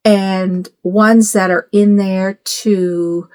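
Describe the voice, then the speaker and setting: A woman's voice: mid-range voice, fairly even intonation, extremely slow, darkish tone. Middle-aged lady rambling on about her dolls into her phone in the bedroom, lots of ums and anywhos. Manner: rambling, chatty, many fillers and asides. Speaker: doll collector vlogger. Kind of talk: casual chat to camera. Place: bedroom at home. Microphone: phone camera.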